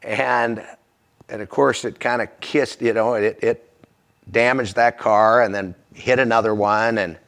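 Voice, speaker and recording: A man's voice: on the low side, fairly even intonation, unhurried, fairly bright tone. Earnest man telling a story. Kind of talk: personal anecdote.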